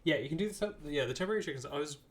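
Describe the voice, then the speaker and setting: A man's voice: on the high side, animated, rapid-fire. Chatty man narrating his gameplay. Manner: rambling, chatty, talks to game characters. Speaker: streamer playing a video game. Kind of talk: casual live gameplay commentary. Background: game music.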